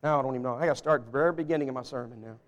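A man's voice: mid-range voice, very fast, big-room sound, dull audio. A man from the Southern US with a Southern accent, preaching a humorous, folksy sermon and talking straight to his congregation. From Southern US (Arkansas). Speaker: pastor. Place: church sanctuary with a live congregation.

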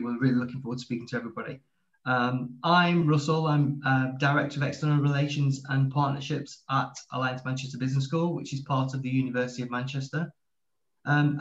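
A man speaking as a panel guest on a video call, fluent and businesslike. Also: medium pitch. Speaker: university partnerships director. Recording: echoey, dull lo-fi call audio.

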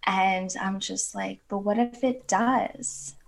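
A woman's voice: mid-range voice, steady tone, slow pace, vocal fry. A woman talking earnestly and at length as a guest on a podcast, with many fillers. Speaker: podcast guest, women's coach. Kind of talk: casual podcast chat.

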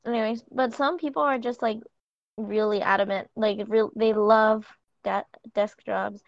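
Young woman cohosting a podcast, kinda sleepy and laid back, higher voice, muffled dry audio. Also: no echo. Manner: relaxed, drawn-out, yawning. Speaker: podcast co-host. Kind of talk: casual chat.

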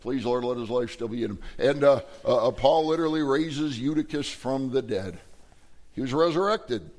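Man preaching a lively Bible sermon. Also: mid-range voice, normal speed. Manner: animated storytelling, acts out voices in quotes. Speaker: pastor.

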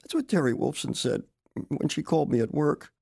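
A man's voice: on the high side, animated, a little fast, gravelly, mellow, husky, no room sound, studio quality, pitched above the performer's own voice, heavily acted. A man voicing a grieving woman neighbor, tearful and fierce, in a story reading. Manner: tearful, choked, pleading.

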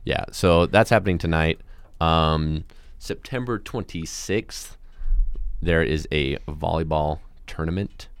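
A young man co-hosting a casual campus talk show, rambling and breaking into loud chanted cheers. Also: very deep voice, slow, clear, resonant tone, dry recording. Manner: rambling, yells cheers loudly. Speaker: co-host. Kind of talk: casual chat.

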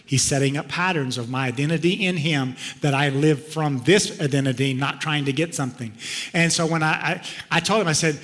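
A middle-aged man, a pastor, telling a personal story in a sermon, swinging from loud outbursts to hushed tones. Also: on the high side, fairly quick. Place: church sanctuary. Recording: long reverb of a large hall.

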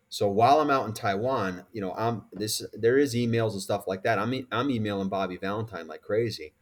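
A man in his forties from Connecticut, a podcast guest telling a story in a casual, animated and profane way. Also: lowish voice, a little fast, hardly any pauses. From Connecticut, USA. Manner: animated, profane, acts out quoted dialogue. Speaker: podcast guest, former pro baseball player.

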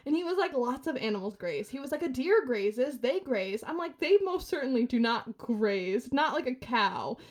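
On a relaxed podcast, a twenty-something woman rushes through an animated story, laughing as she performs other people's lines. Her voice sits high.

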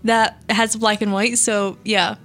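A woman's voice: medium pitch, level tone, takes it slowly, fairly bright tone. A teenage girl hosting a casual radio chat, rambling with lots of fillers and giggles. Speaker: host. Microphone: school radio show mic.

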